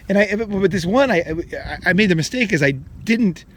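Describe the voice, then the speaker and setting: A man's voice: high-pitched, animated, brisk, hardly any pauses. A middle-aged man hosting a podcast, giving dating advice in a rambling, blunt monologue full of swearing. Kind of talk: casual monologue.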